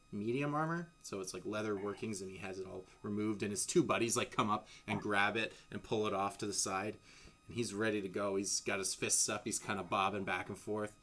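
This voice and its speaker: A man's voice: fairly low pitch, fairly bright tone, slight background noise. A man narrating a tabletop game as game master in a casual, rambling way with many restarts. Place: home streaming setup.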